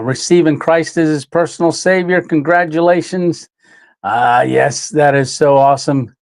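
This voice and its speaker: A man hosting a live stream, reading viewer comments in a relaxed, emotional way with many pauses and fillers. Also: a little high. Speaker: channel host.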